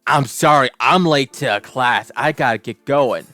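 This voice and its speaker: A man's voice: mid-range voice, moderate pace, sharp tone, no echo, faint music behind, close to an everyday voice. A young man voicing a teenage friend who hurriedly apologizes and leaves. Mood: dismissive. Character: busy teenage male school friend, brushing off.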